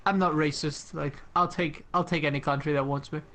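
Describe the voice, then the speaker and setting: A man's voice: on the high side, steady tone, fairly quick, sharp tone, a little hiss or hum. A man appearing as a podcast guest in casual chat, teasing dryly and laughing often.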